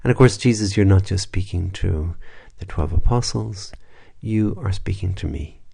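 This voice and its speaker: A man, a priest, leading a spoken prayer meditation in a reflective, unhurried way, with soft asides and restarts. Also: low voice, creaky, slightly rough.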